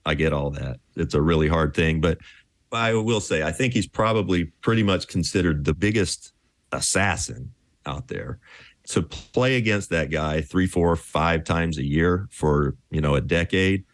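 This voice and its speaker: Deep-voiced ex-athlete telling stories. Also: male voice, dry recording, clean studio sound. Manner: relaxed, chuckling storyteller. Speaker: former pro basketball player, interview guest. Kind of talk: casual storytelling interview.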